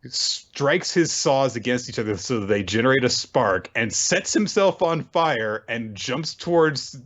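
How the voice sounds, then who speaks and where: A man's voice: mid-range voice, lively intonation, unhurried, fairly bright tone. A man casually recapping manga chapters as a podcast co-host, with dry joking asides. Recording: dull lo-fi audio.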